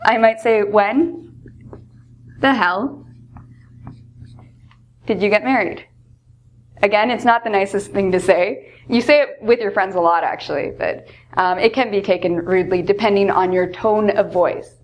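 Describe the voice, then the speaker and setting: A woman teaching English, explaining expressions patiently and acting out example lines with lively emphasis. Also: medium pitch, fairly quick. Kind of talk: explaining English phrases in a lesson.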